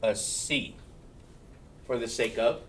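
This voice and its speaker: A man's voice: mid-range voice, slow, fairly bright tone, distant mic, a little hiss or hum. Man teaching math, a bit off-mic. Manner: keeps checking in with "right?", joking asides. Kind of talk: classroom lecture. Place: classroom.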